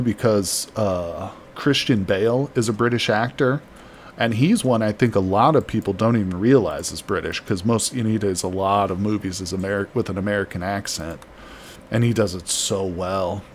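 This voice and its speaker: Low-voiced man streaming a game. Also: slight background noise. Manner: chatty, reads chat aloud, laughs easily. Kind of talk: casual live-stream commentary.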